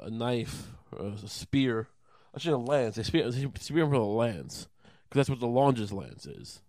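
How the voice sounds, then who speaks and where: A man's voice: medium pitch, a little mellow, no echo. Rambling, foul-mouthed young man, dry sound. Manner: rambling, sarcastic, swears often, many restarts. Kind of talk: casual profane retelling.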